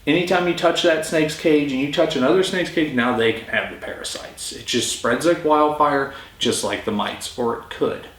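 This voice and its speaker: A man's voice: a little high, normal speed, few pauses. A young adult man casually telling a story-time tale in a chatty, informal way. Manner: informal, chatty, lively retelling. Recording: roomy echo.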